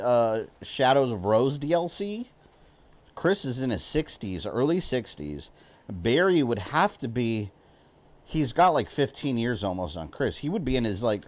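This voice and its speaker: A man streaming a video game live, chatting casually with his viewers, rambling with lots of fillers and frequent laughs. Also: medium pitch. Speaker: gaming streamer.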